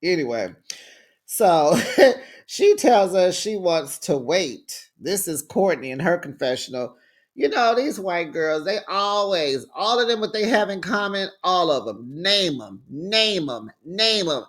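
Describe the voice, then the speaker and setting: A man's voice: sits high, very animated, unhurried, a bit bright. A man hosting a casual reality TV recap. He talks in a sassy, chatty way, laughs often and calls his listeners child and honey.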